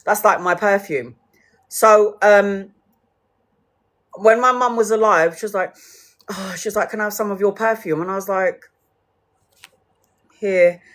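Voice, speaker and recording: A woman's voice: mid-range voice, moderate pace, pauses often, fairly bright tone. A woman, ranting casually to her viewers, swearing freely and laughing often as she acts out what others said. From United Kingdom. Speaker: tarot livestreamer.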